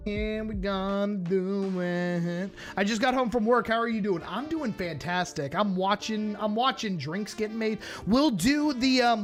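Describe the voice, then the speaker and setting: A man streaming live, chatting casually and playfully with his audience while reacting to videos. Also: high voice. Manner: chatty, playful, talks straight to his chat.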